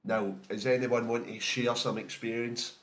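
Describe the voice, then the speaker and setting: A man's voice: medium pitch, level tone, moderate pace. A man hosting a podcast, who steers the chat and teases the others with a lot of swearing. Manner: teasing, sweary, steers the talk. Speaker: podcast host. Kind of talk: casual banter.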